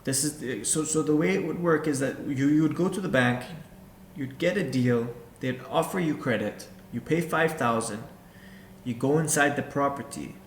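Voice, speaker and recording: A man's voice: medium pitch, moderate pace, slight background noise. A man coaching beginners as a real estate investor, talking straight to the viewer and repeating his points. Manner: direct, repetitive, addresses viewer as you. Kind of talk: instructional talk to camera. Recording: echoey room with faint background ambience.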